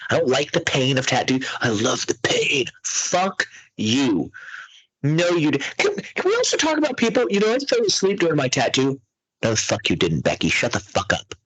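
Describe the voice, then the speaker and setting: A man's voice: mid-range voice, a bit bright, breathy edge, no room sound, low-quality recording. A man hosting a podcast, talking in a crude, mocking, profane casual chat. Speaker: podcast host.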